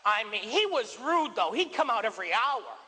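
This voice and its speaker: Brief: high-pitched stand-up comic, live hall recording with loud crowd. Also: male voice, big pitch swings, normal speed, very noisy. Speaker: stand-up comedian. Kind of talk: stand-up routine. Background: audience laughter.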